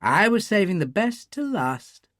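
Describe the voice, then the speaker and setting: Urbane male insider, read by a narrator, gossipy briefing manner, higher and lively. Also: unhurried, no echo, studio quality, full character voice. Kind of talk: audiobook character reading.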